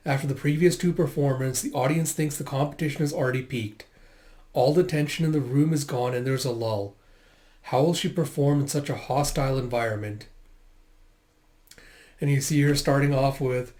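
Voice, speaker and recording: A man's voice: mid-range voice, moderate pace. Laid-back man reading through a manga. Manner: relaxed, with fillers and casual swearing. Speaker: manga reader and commentator. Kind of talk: casual manga read-through.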